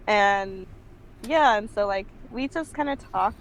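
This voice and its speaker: A woman's voice: mid-range voice, moderate pace, poor audio. A young woman telling a casual story as a podcast guest, her talk full of "like". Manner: chatty, fills speech with "like".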